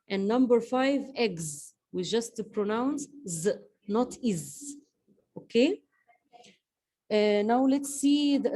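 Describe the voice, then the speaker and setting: Slow, mellow woman teacher. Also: fairly high pitch, rough recording. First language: Arabic. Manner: slow, repeats words and drills pronunciation. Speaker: English teacher. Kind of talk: online class teaching.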